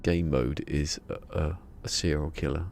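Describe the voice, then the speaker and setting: A man's voice: extremely low pitch, fairly even intonation, unhurried, vocal fry, darkish tone, slight background noise. A man chatting casually on a live game stream, joking and rambling with frequent laughter.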